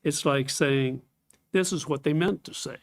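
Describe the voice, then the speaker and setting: A man leads a scripted Bible study lesson in a slightly high voice, unhurried, explaining things step by step. He reads scripture aloud and clears his throat now and then.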